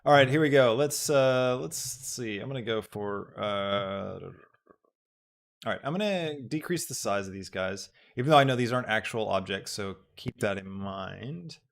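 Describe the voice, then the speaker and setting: A young man hosting a live software tutorial, thinking aloud as he works with lots of ums. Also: lowish voice, expressive, normal speed, gravelly. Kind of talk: live-streamed casual tutorial.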